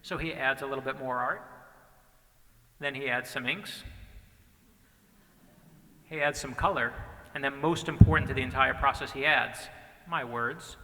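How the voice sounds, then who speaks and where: Unhurried and leaving long pauses, an author in his forties tells story after story in a passionate, earnest inspirational keynote. His mid-range voice has a sharp tone, and the large banquet hall adds noticeable reverb.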